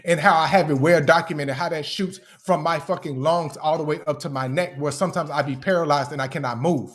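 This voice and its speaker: A man's voice: a little high, fairly even intonation, a little fast. A young man ranting angrily on a live stream, heated, profane and confrontational as he answers his critics. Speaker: livestreamer addressing critics. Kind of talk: angry live-stream rant.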